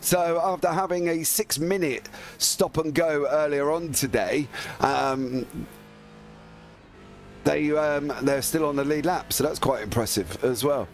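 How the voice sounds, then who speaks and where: A man's voice: a little high, unhurried, a little hiss or hum. A man giving rambling, chatty live commentary on a charity sim race. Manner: rambling, chatty, many fillers.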